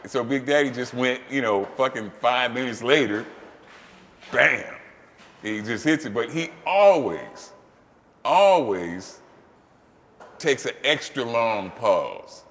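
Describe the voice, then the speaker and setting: A man hosting, telling a story casually, swearing freely and breaking into loud, animated outbursts. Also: mid-range voice, takes it slowly, long pauses, big-room sound, slight background noise. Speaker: host.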